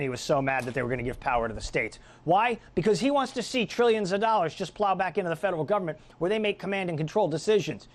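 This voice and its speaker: A middle-aged man hosting a political talk radio show, delivering a combative, sarcastic monologue. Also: on the high side.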